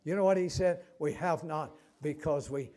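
A man's voice: on the high side, moderate pace, mellow. An older man preaching a sermon, telling stories and repeating phrases for emphasis.

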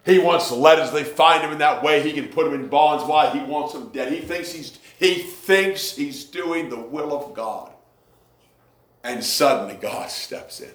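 A man preaching a sermon, rhythmic and swinging between hushed lows and shouted peaks. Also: unhurried, roomy sound.

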